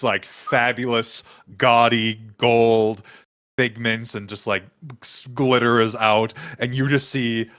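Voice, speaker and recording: A man's voice: on the low side, fairly bright tone, no room sound, studio quality. A man narrating as game master of a tabletop game, casual and full of fillers.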